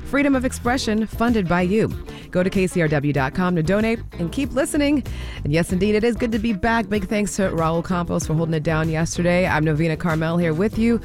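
A woman hosting a radio music show, reading station identification and greeting listeners in an upbeat, lively way. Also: on the low side, a little fast. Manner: upbeat, bright-spirited, lively announcing. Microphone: studio mic.

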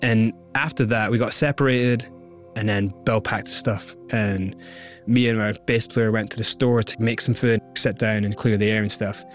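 A man's voice: fairly low pitch, steady tone, moderate pace, soft background music. A middle-aged Scottish man, an interview guest, tells his story candidly and acts out other people's lines as he goes.

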